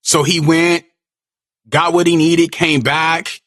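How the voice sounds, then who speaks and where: A man in casual podcast chat, excited and talkative, often saying bro and like. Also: a little high, slow.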